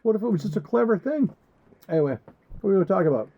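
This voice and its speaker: Man, podcast co-host, gravelly voice, rambling, joking, muffled lo-fi sound. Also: high voice, animated, racing. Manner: rambling, joking, crude asides. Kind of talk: casual chat.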